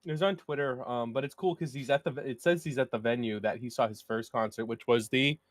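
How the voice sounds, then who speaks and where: A man's voice: mid-range voice, steady tone, fast, no room sound, clean studio sound. A man co-hosting a casual video game podcast, chatty and rambling, with frequent laughs. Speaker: podcast co-host. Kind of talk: casual chat.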